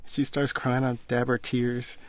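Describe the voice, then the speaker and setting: A young man casually telling a personal story, animated and acting out the quoted dialogue. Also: medium pitch, measured pace, no echo.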